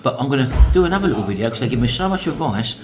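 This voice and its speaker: A man's voice: medium pitch, very animated, rapid-fire, music in the background. A middle-aged British man hosting a vlog, chatting casually and rambling to his viewers, whom he calls folks. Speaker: vlog host. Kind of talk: casual chat to camera.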